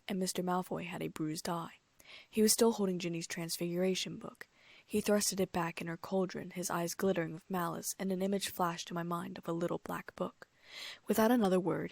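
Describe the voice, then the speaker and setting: A woman reading a first-person audiobook story in a steady way, with the odd slip and restart. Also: on the low side, gravelly, dry recording. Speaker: audiobook narrator.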